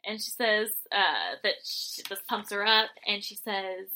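A woman's voice: medium pitch, expressive, unhurried, few pauses, pushed and bright, poor audio. A woman chatting casually as co-host, recapping and mocking a reality show, acting out quotes with sarcasm. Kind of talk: casual chat.

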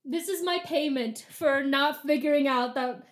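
A woman hosting a podcast, recapping a book in casual chat, animated, swearing and laughing often. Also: high-pitched, a little slow. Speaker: podcast host.

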